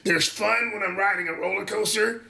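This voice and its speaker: A man's voice: high-pitched, fairly even intonation, a little fast, creaky, sharp tone. A man co-hosting a coaching podcast, explaining earnestly with some hesitations. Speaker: podcast co-host, basketball coach. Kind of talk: casual podcast chat. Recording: roomy echo from a distance.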